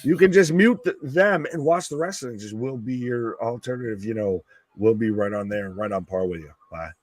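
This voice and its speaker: A man co-hosting a casual live wrestling commentary stream, excitable and swearing freely. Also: medium pitch, moderate pace, no room sound. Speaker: co-host.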